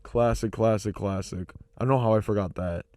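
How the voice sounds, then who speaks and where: A man's voice: fairly low pitch, fairly even intonation, brisk, warm tone, dry recording. Rambling young man, dry close sound. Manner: rambling, heavy use of "like" and "um", swears freely. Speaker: podcast co-host. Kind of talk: casual chat.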